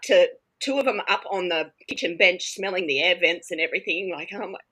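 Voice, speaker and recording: A woman chats casually, a teacher recounting a story with lively energy. Her voice sits a little low yet has a bright, forward edge. She slips into the voices of the people in her tale. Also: brisk, rough recording. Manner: animated, acts out the other people in her stories.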